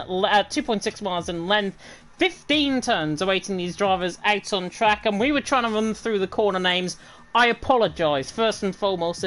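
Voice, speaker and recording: Northern English woman, lead commentator for a sim racing stream, chatty and self-mocking, mid-pitched voice. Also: poor audio. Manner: chatty, self-deprecating, fluent reading of standings. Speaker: race commentator.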